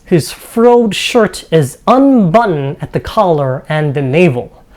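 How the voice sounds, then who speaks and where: A woman narrating a tabletop game as game master, reading scene descriptions with a steady pace and brief asides to players. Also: deep voice, a little slow.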